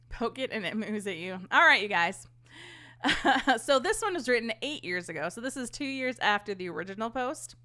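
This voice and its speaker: Young woman host, slightly high voice, laughs a lot, casual live-chat storyteller. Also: moderate pace. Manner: laughs often, animated storytelling. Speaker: podcast host reading stories.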